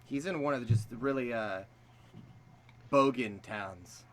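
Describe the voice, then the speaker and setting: A man chatting casually on a stream. He talks in a relaxed, laughing way, full of fillers and trailing phrases. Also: mid-range voice, a little slow. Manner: laid-back, laughing, with filler-heavy trailing speech.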